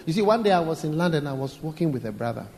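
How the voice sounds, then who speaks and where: A man's voice: on the high side, animated, very fast, darkish tone, slight background noise. A man preaching a sermon, emphatic and repetitive, putting rhetorical questions to the congregation. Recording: echoey hall with faint ambience.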